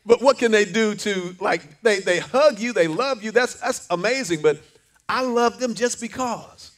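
A man's voice: high voice, a little slow, a bit bright. An older man preaching a sermon, fervent, with call-and-response lines and repeated words. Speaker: pastor.

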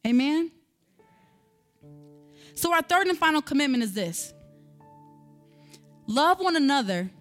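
Female preacher, conversational sermon delivery, slightly high voice, faint music behind. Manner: conversational preaching with rising emphatic passages.

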